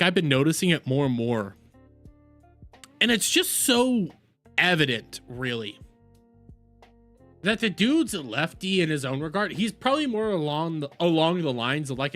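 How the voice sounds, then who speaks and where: A woman's voice: low voice, big pitch swings, normal speed, fairly bright tone, soft background music. A woman streamer giving reaction commentary, ranting in exasperation and often repeating her words.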